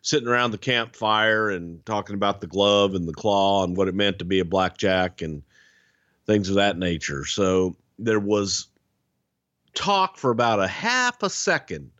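A man, a former wrestling executive, talking in a blunt and measured way in casual podcast chat, with some swearing. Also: fairly low pitch, lively intonation, a bit bright, no echo. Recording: dull lo-fi sound.

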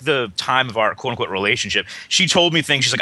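A man on a casual podcast telling a long story, rambling, heavy on swearing, quoting both sides of each exchange. His voice is very bright and forward, with a dry, close sound. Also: on the low side, expressive, fast talker, few pauses, dry recording. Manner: rambling, profane storytelling, acting out both sides of texts and calls. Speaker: podcast co-host. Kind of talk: casual chat.

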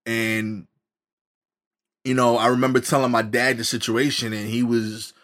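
A man's voice: mid-range voice, level tone, a little slow, fairly bright tone. A man, telling a funny personal story in a conversational way, full of wry asides. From New York. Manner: conversational, many "you know" fillers, wry asides.

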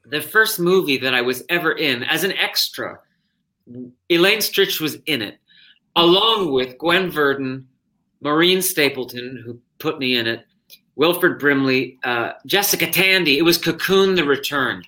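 Male stage actor, interview guest, bright tone, animated storytelling, self-interrupting. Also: a little high, a little slow.

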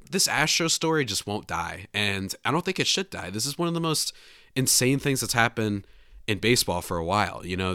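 A man hosting a casual podcast, talking in an animated, chatty way with frequent restarts on a close mic. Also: on the low side, no room sound. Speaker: podcast host.

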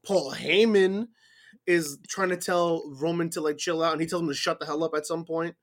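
A man chatting casually on a wrestling podcast, retelling a match blow by blow in an animated way. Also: a little high, moderate pace.

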